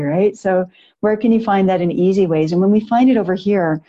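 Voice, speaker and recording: Mellow middle-aged woman teaching a class. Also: medium pitch, a little fast, dull audio. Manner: earnest, rambling, with frequent restarts and laughs. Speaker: yoga and retreat teacher. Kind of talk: talk to a live class.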